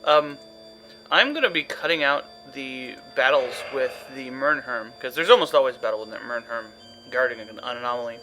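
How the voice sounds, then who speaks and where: A man's voice: medium pitch, moderate pace, bright, forceful tone, soft background music, poor audio. A man giving casual, rambling gameplay commentary full of fillers and wry asides. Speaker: let's play commentator.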